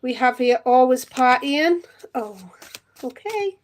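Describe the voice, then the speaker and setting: A tarot reader in her thirties with a Northeast English accent does readings on a live stream, chatting with viewers and giggling a lot. Her high voice has lively intonation and a slow pace, with slight background noise.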